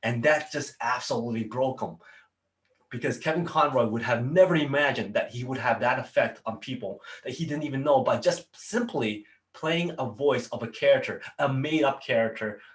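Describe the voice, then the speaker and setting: A man's voice: medium pitch, moderate pace. Male host, motivational business talk, earnest and repetitive, mid-range voice. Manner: earnest, repetitive phrasing with frequent fillers. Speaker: business coach and show host.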